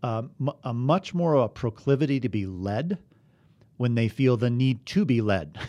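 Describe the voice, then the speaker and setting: A man's voice: mid-range voice, expressive, moderate pace, mellow. An earnest man leads a bible study, reading scripture aloud and pressing his listeners with questions. His voice sits in an ordinary middle range. The sound is dry and close, with no room echo.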